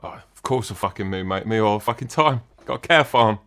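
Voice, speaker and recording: A man's voice: lowish voice, animated, brisk, a bit bright, clean tone. A man playing a crude, swaggering old-school British wrestling legend, swearing constantly as an interview guest. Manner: swears constantly, cocky geezer bravado.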